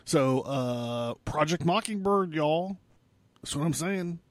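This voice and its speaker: A man's voice: on the high side, animated, slow pace, no room sound. Rambling, profane man with a dry, close sound. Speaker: podcast host. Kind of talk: casual monologue.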